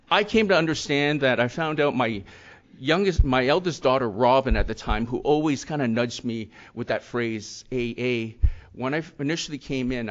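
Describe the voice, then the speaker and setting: Middle-aged man, earnest rambling testimony, mid pitch, slightly muffled recording. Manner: earnest, rambling with many "you know" and "and yet". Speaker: speaker sharing his recovery story. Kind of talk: personal testimony talk. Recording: slightly dull lo-fi sound.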